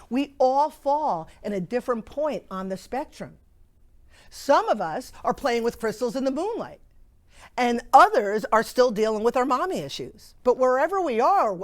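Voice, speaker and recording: Heartfelt woman hosting a spiritual podcast. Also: medium pitch. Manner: enthusiastic, conversational, heartfelt. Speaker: podcast host. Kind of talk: casual spiritual podcast monologue.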